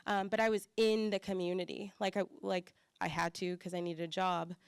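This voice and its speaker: Young woman w/ a bit of a southern accent, chatty church talk, smooth clear voice, dry close sound. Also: lowish voice, moderate pace, no echo. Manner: chatty, animated quoted voices, many fillers. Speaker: church staff speaker. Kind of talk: conference breakout talk.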